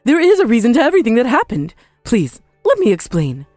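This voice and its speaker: A woman voicing a pushy older woman, a scheming ex-mother-in-law who blames everyone else, with shrill, indignant outbursts. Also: huge pitch swings, brisk, a little mellow, no room sound, studio quality, soft background music. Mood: pleading. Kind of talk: dramatized story voice acting.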